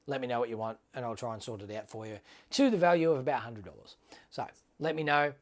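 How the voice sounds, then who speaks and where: A man's voice: medium pitch, fast talker. A man hosting a casual livestream giveaway, talking to viewers in a chatty, upbeat way and calling them mate. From Australia. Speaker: livestream host.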